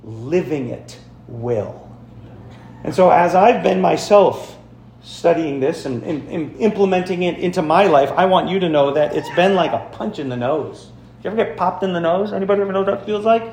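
A man pastor giving a sermon, telling stories and speaking straight to his congregation with emphatic, lively delivery. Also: high-pitched, roomy sound. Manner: storytelling, emphatic, addresses congregation directly. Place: church sanctuary.

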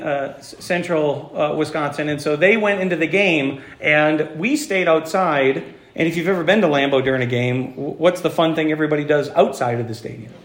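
A man's voice: on the high side, echoey room. A man preaching a sermon as pastor, talking in a conversational way with fillers and restarts. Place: church.

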